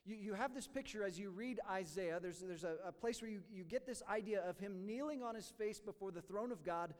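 High-voiced man preaching in a reverberant hall. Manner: joking, then earnest teaching; halting, repeats words. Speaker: pastor. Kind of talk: sermon. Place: church sanctuary.

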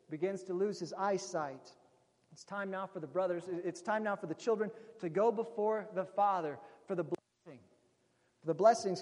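A man's voice: high-pitched, darkish tone. A man preaching a sermon, retelling a story in a conversational way and calling his listeners friends. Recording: long reverb of a large hall.

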